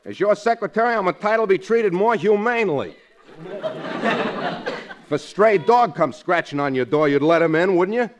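A man's voice: high voice, animated, normal speed, pauses often, crowd noise. A man playing a brash, slangy, wisecracking male pal and secretary in a 1940s radio sitcom. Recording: old radio broadcast with studio audience.

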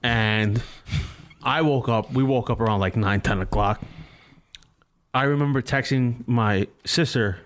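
A man's voice: mid-range voice, a little slow, pauses often, fairly bright tone. A young man on a podcast telling a rambling, profane story about himself in casual chat, laughing at himself. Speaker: podcast co-host.

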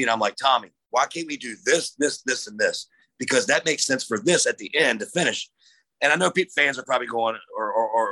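A man hosting a casual podcast chat, telling an animated story and swearing as he acts out what others said. His voice is bright and forceful. The sound is close and dry. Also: medium pitch, dry recording, poor audio. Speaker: podcast host and wrestling referee.

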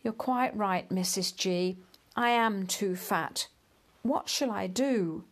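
A woman's voice: medium pitch, slow pace. A woman voicing a plump, gloomy older husband in a storybook reading, sounding glum and pleading.

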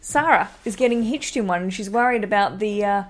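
A woman in her young adult years hosts a relaxed advice podcast. She talks in a chatty, frank and playful way, dropping the odd swear word as she reassures a listener. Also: mid-range voice, a little fast. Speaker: podcast host giving wedding advice.

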